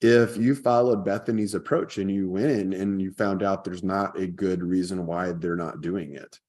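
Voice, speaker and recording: A man's voice: low-pitched, steady tone, moderate pace, a little mellow. A man hosting a workplace-leadership podcast, chatting casually and telling stories in an easy, chatty way. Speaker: podcast host. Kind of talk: casual chat.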